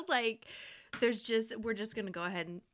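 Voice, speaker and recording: A young woman hosting a podcast, telling a story in a casual, animated way, laughing often and swearing freely. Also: fairly high pitch, measured pace. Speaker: podcast host.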